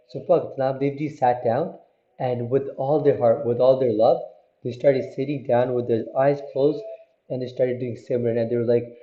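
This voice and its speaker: A man's voice: mid-range voice, normal speed. Man telling a story in a roomy room. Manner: lively, often asking the listeners questions. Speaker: storyteller for children. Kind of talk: religious story told to children. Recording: muffled, roomy recording.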